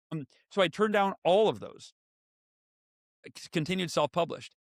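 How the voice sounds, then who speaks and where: A man in his forties telling stories as a podcast guest and author, lively and acting out what others said. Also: high-pitched, moderate pace, dry recording, clean studio sound. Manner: animated, acts out quoted voices. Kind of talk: storytelling in conversation.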